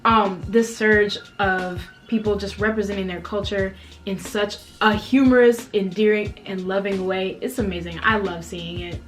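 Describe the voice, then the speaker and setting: A woman's voice: medium pitch, fairly even intonation, moderate pace, few pauses, over music. A young woman hosting a casual interview, bubbly and playful, laughing often. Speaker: host.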